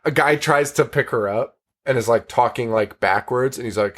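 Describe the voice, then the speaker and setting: A man's voice: mid-range voice, normal speed, a bit bright. A man hosting a podcast, recapping a horror film in casual chat, rambling, swearing and laughing often. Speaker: podcast host.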